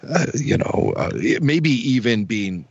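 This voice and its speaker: Chatty guy co-hosting, jumpy pitch, kinda muffled dry mic. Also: expressive, takes it slowly, slightly rough, dry recording. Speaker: podcast co-host. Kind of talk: casual call-in show chat.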